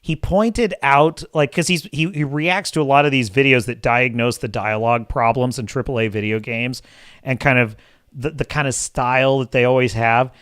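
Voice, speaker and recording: A man's voice: mid-range voice, steady tone, normal speed, fairly bright tone, clear, resonant tone, no room sound, clean studio sound. A man hosting a live podcast, ranting in a crude, sarcastic, exasperated tone. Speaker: podcast host. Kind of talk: casual live-show rant.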